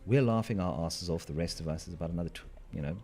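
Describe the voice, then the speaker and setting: A man's voice: deep voice, fast, dark tone. A man telling a wry, rambling story to his stream, with asides to the listeners. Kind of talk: casual storytelling while gaming.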